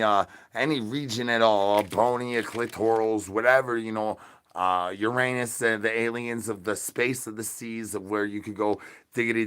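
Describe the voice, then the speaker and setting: A man's voice: mid-range voice, a bit bright. A man, streaming in a goofy, rambling patter full of nonsense words and catchphrases. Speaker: streamer in zombie persona.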